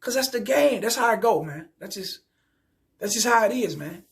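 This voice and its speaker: A young man rants to his viewers in a high voice. His talk is loose and streetwise, heavy with profanity and full of stumbling restarts. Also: lively intonation, normal speed, vocal fry. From Kansas City, Missouri. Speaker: vlogger. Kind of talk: casual storytelling rant.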